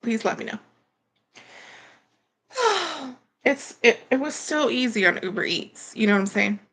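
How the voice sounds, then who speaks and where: A woman's voice: on the high side, big pitch swings, unhurried, a bit bright, breathy edge. A woman hosting a live stream, chatting casually in a rambling way with lots of fillers and greeting viewers by name.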